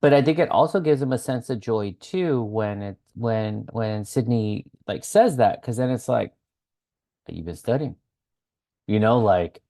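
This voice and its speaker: A man's voice: mid-range voice, normal speed, few pauses, dark tone. A man co-hosting a casual podcast recapping a TV show, talking expressively, swearing freely and laughing as he acts out quotes. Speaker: podcast co-host.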